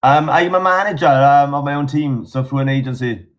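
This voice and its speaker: A man with a South Wales accent talks as a guest on a chat show. His voice sits slightly high, and he speaks easily but halts on repeated words. The audio is dull and lo-fi, like a call. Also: fairly even intonation. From South Wales Valleys. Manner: easygoing, halting with repeated words. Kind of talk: casual chat.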